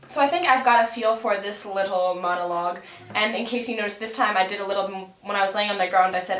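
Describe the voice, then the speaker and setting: A woman's voice: mid-range voice, fast, a bit bright. Young woman student, casual chatty explainer, filler-heavy, roomy camera-mic sound. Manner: chatty, many fillers, thinking aloud. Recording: roomy echoing room.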